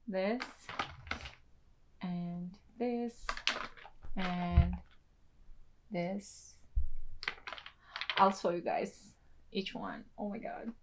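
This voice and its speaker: A young adult woman, a native Tetum speaker, chatting excitedly through an unboxing vlog with lots of gushing and laughs. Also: fairly low pitch, drawn-out words, long pauses, background noise. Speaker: beauty vlogger.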